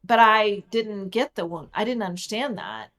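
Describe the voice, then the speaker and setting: A middle-aged woman, a podcast guest, telling a personal story in conversation in an animated way, repeating words for emphasis. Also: medium pitch, moderate pace.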